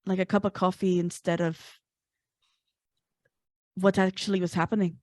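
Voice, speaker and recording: A woman with a fairly low voice runs a tabletop game, narrating actions step by step. The sound is close and dry, with no room around it. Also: level tone, a little mellow, no echo. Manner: descriptive, measured narration with laughs. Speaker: game master.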